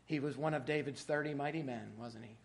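A middle-aged man preaching a sermon, swinging from quiet asides to loud, emphatic peaks. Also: mid-range voice, fairly quick.

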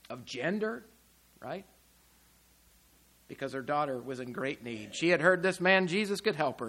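A man preaching a sermon, emphatic, with rhetorical questions and swings between loud and quiet. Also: on the high side. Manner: emphatic, rising and falling loudness, rhetorical questions.

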